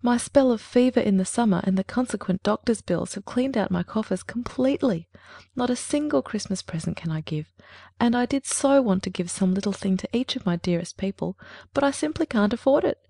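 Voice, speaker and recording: A woman puts on a seventeen-year-old girl from an old storybook, lifting her voice well above her own. She talks in a doleful, gushing way and sounds a little gravelly. The recording is close and dry. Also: medium pitch, lively intonation, fairly quick, warm tone, no room sound, pitched above the performer's own voice. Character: wistful dramatic girl of seventeen.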